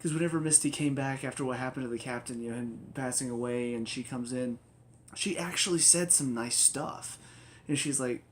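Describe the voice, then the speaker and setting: A man rambles through a casual review of TV episodes in a chatty, enthusiastic way. His pitch sits in the middle of the male range. Faint noise hums underneath. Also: fairly quick. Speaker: TV review vlogger.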